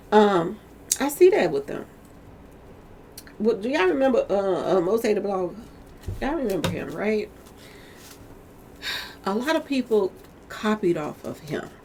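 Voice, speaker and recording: A woman in a casual commentary monologue, talking to her viewers in a candid, colloquial way. Her slightly squeaky voice has a gravelly, fried edge. A faint hiss sits under the recording. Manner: chatty, keeps asking "okay, y'all?"; candid, colloquial, laughs often. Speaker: commentary vlogger.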